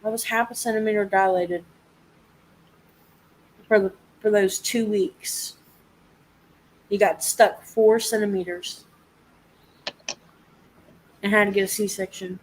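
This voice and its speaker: A woman's voice: mid-range voice, fairly even intonation, takes it slowly, pauses often, a little hiss or hum, rough recording. A young woman telling a story in casual chat, swearing freely and laughing often. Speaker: live chat host.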